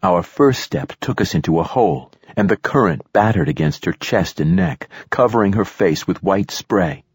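A man narrating a first-person audiobook in a steady, tense storytelling manner. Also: sits low, normal speed, hardly any pauses, slightly rough, dry recording, studio quality.

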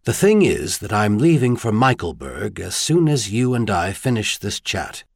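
A man's voice: fairly low pitch, sing-song, moderate pace, slightly rough, no echo, clean studio sound, full character voice. A man voicing a tall, kindly advisor in an audiobook, earnest and lightly wry.

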